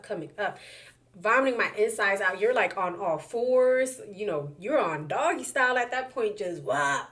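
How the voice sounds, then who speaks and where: A young adult woman telling a personal story casually to camera, animated and chatty, with many fillers and repeated words. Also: mid-range voice. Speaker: vlogger sharing a personal story.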